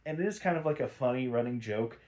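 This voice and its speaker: A man's voice: medium pitch, animated, fast talker, darkish tone. Profane, rambling young male podcaster. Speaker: podcast host. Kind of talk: casual episode recap.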